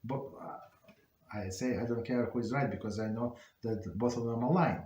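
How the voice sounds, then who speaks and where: A rabbi, a man, teaches an informal class, retelling stories in a halting, conversational way that keeps stopping to restart. His voice sits at an ordinary middle pitch. The recording has a roomy, echoing sound. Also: a little mellow, a little hiss or hum. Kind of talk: informal Torah class talk. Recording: roomy echo.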